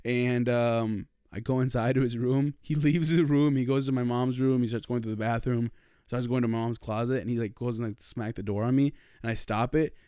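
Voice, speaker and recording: A man's voice: mid-range voice, a little fast, smooth, no echo, clean studio sound. Young man telling a rowdy story. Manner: storytelling, animated, swearing, laughing often. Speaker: podcast co-host. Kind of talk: casual chat.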